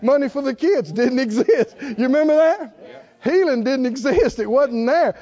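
A man preaching a sermon, swinging between loud, animated calls and hushed asides. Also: very high-pitched, moderate pace, dull audio. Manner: animated preaching, mimics whiny voices and swings from shouting to hushed.

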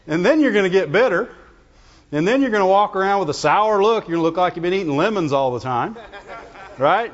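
A man preaching a conversational sermon to his congregation, often checking in with "Amen?" and "Right?". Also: high voice. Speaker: pastor. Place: church sanctuary. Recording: dull reverberant church recording.

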